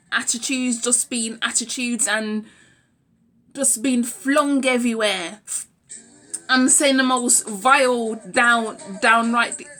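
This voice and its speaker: Frank woman with a bright voice. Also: fairly high pitch. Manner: frank, forthright, blunt. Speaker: vlogger. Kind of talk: opinionated talking-to-camera monologue.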